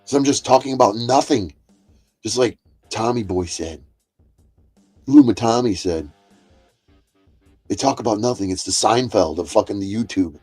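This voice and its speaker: A man's voice: fairly low pitch, a little mellow, breathy edge. Profane, confrontational man ranting. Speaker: livestream host. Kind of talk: angry ranting monologue.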